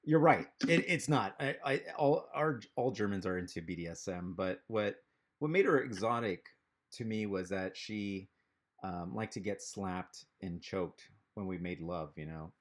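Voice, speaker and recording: A man doing a stand-up comedy set over a video call, rambling and halting, with lots of fillers. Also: deep voice, animated.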